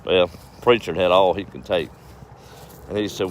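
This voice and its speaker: Low-voiced farm guy, folksy, chuckles a lot, faint hum behind. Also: steady tone, moderate pace, muffled recording. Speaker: farm vlogger. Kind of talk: casual storytelling livestream.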